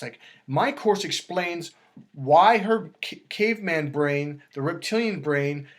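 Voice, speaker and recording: A man talking as a dating coach, emphatic and lively, acting out quoted voices as he explains. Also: a little high, slow. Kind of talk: animated coaching talk.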